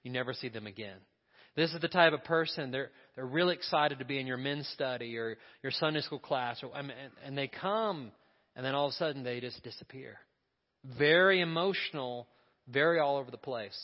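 A man's voice: mid-range voice, a little fast, in a large hall, dull audio. A male pastor preaching a sermon in a conversational way, asking the congregation questions and adding asides.

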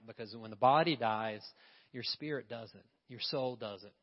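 A male pastor preaching a sermon in a church, emphatic and often putting questions to the congregation. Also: mid-range voice. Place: church sanctuary. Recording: long reverb, dull lo-fi sound.

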